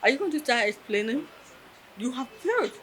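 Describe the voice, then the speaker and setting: Woman, emotional, earnest, bright tense tone, high-pitched. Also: very animated, a little fast, breathy edge, rough recording. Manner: earnest, emotional, tells with quoted dialogue. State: close to tears. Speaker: interviewee. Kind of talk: personal storytelling interview.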